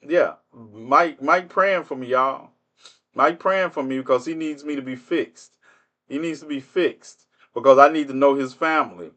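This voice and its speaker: A man's voice: medium pitch, measured pace, fairly bright tone, highs cut off. A man hosting a live stream, answering commenters in casual speech, mocking them with rhetorical questions. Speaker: livestream host.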